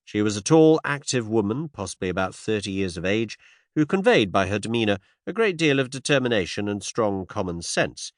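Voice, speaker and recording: A man's voice: lowish voice, big pitch swings, brisk, dry recording. A man narrating a classic mystery story as a studio audiobook, told in the first person. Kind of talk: scripted narration.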